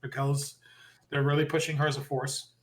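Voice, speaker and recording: A man co-hosting a podcast, excitedly retelling a wrestling show and acting out quotes with lots of laughter. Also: a little high, moderate pace. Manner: excitable storyteller, laughs often, acts out quotes. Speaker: podcast co-host. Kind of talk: casual wrestling recap chat.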